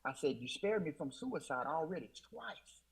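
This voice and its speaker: A guest with a slightly high, very animated voice, moderate pace, vocal fry and some roughness recounts his faith testimony in poor audio. In Southern US Black church speech, he tells it emotionally and repetitively, quoting himself with "I said."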